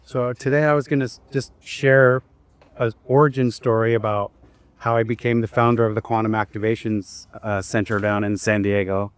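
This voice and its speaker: A man's voice: on the low side, steady tone, no echo. A man telling a personal story to a live group in a casual, conversational way, with fillers and restarts. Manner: leads the group in slow breathing. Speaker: speaker at a wellness event.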